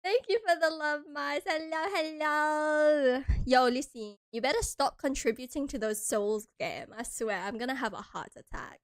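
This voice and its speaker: A woman's voice: high voice, moderate pace, no room sound. A young American woman streaming and chatting casually with her viewers, playful and giggly. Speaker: vtuber streamer.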